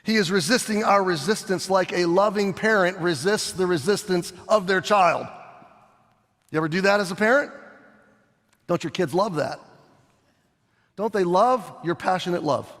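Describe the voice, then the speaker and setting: A middle-aged male pastor preaching a sermon, animated, swinging between loud and soft as he acts out scenes. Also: high-pitched, normal speed, pauses often. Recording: long hall reverb.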